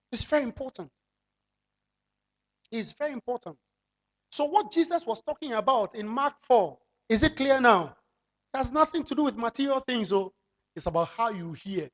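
A pastor preaching a sermon, firing rhetorical questions at the congregation and drawing out key phrases slowly for emphasis. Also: mid-range voice, lively intonation.

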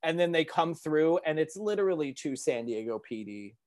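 A man's voice: on the high side, normal speed. A man hosting a podcast in casual chat, telling stories and acting out movie quotes with lots of energy. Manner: animated storyteller, acts out movie quotes.

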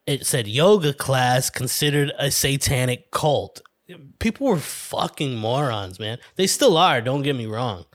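A man's voice: medium pitch, lively intonation, unhurried, dry recording, studio quality. A man hosting a casual podcast, rambling and swearing bluntly as he talks through documentaries. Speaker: podcast host.

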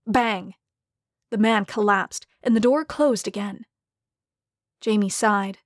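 A woman narrating a story in a measured, even way. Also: mid-range voice, no echo, studio quality. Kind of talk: scripted narration.

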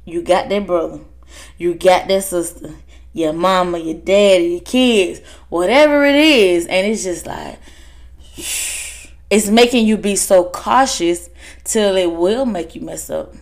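A woman giving a casual motivational talk to fellow workers, animated and laughing as she acts out her family's voices. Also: fairly low pitch, measured pace. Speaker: speaker addressing workers.

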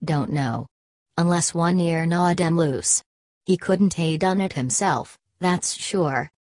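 A woman voicing a steady, joking male frontier trapper who talks in backwoods dialect. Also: fairly low pitch, takes it slowly, no room sound. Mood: dry, teasing. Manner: backwoods dialect, dry teasing.

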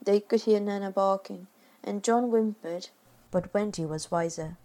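A woman reading a classic children's story aloud with expressive, varied delivery. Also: medium pitch, a little slow. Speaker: reader. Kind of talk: storybook narration.

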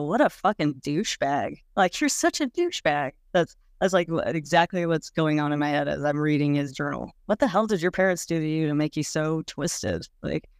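Woman, interviewee, candid, casual, blunt, smooth clear voice, dry close sound. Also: low-pitched, dry recording. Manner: frank, casual, many "like"s, swears bluntly. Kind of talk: candid personal recollection.

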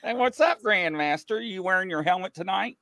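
Animated man telling stories. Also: sits high, brisk, no echo. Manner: animated, laughing storyteller with sudden loud outbursts. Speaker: host. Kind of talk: casual chat.

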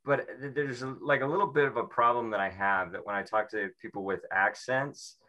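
A man from Seattle doing a rambling, self-mocking stand-up set, slipping into quick mimicry of people. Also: medium pitch, steady tone, sharp tone. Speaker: stand-up comedian.

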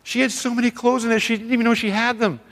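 A man's voice: extremely high pitch, little pitch movement, quick pace, a bit bright. A middle-aged man, a former youth pastor, tells heartfelt stories at a men's seminar and acts out other people's lines. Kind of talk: storytelling sermon. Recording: long reverb of a large hall.

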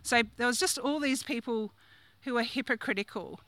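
A woman's voice: a little high, normal speed, sharp tone, no room sound. A woman, a guest preacher giving a chatty sermon, asking the congregation questions and laughing often. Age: 50s. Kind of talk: conversational sermon.

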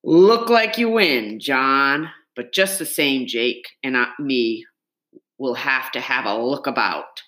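A woman's voice: extremely low pitch, slow pace, fairly bright tone, exaggerated voice. A woman voicing a blunt folksy constable. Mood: warning. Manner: blunt, clipped folksy speech. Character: gruff male county constable, blunt and warning.

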